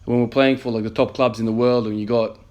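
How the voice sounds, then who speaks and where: A man's voice: medium pitch, level tone, fast, darkish tone, muffled recording. A man in his thirties, an emergency nurse, earnestly telling a story in a motivational vlog with many fillers. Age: 30s.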